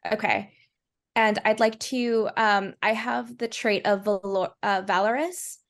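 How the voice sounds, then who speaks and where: A woman's voice: medium pitch, steady tone, measured pace. A woman playing a tabletop role-playing game, talking hesitantly with many fillers. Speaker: player.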